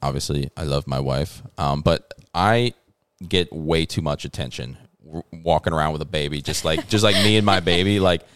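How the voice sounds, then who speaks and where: A man's voice: a bass voice, moderate pace, fairly bright tone, clear, resonant tone, dry recording. A man on a podcast ranting casually, swearing a lot and leaning on fillers like "you know" and "like". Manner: profane, ranting, many fillers. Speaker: podcast host. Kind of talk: casual chat.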